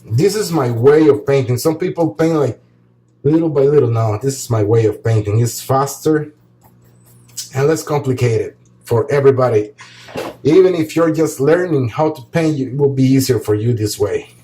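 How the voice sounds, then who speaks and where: A man calmly explaining a painting tutorial step by step as he works, pausing often with short fillers. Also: mid-range voice, poor audio. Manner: calm, relaxed explaining while painting, with pauses and fillers. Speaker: art teacher.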